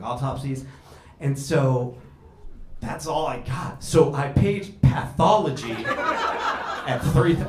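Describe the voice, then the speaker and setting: A man in his thirties, a doctor, telling a story on stage to a live audience, animated and laughing as he acts out the people in it. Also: medium pitch. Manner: animated, laughing through the telling, acting out others. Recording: echoey room with a crowd.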